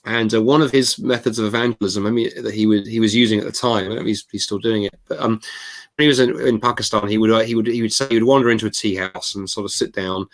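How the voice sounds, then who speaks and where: Fast-talking, animated male guest. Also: fairly low pitch. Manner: animated, acts out quoted voices; emphatic, expressive. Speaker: guest author. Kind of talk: conversational storytelling.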